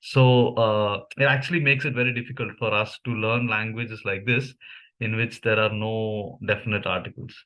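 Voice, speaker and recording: A young Indian man, a language vlogger whose first language is Malayalam, reviews memes in casual commentary with an Indian English accent, musing with many fillers and restarts. His voice is lowish and fairly bright, with a steady tone and moderate pace.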